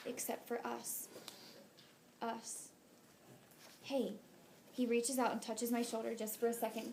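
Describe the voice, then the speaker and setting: A woman reading a first-person novel aloud as an audiobook narrator, in a soft, intimate, unhurried way. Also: on the high side, gravelly, slight background noise.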